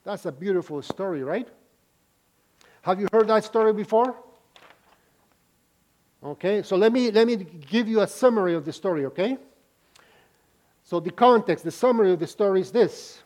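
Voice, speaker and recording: A man's voice: high voice, lively intonation, moderate pace, pauses often, a little mellow. A man preaching a sermon, reading scripture and explaining it to listeners with frequent questions and restarts. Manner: repeats words and restarts phrases.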